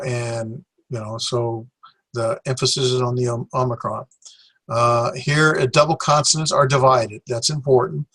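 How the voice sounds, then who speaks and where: A Greek teacher gives a classroom lecture in a plain mid-range, fairly bright voice, halting and full of fillers as he slowly sounds out syllables for students. The recording is dry, with little room sound and no echo.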